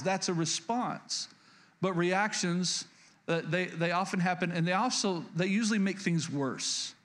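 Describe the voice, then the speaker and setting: High-voiced man preaching a sermon. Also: fairly bright tone. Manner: earnest, repeats key lines for emphasis; frequent stutters and restarts. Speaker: pastor.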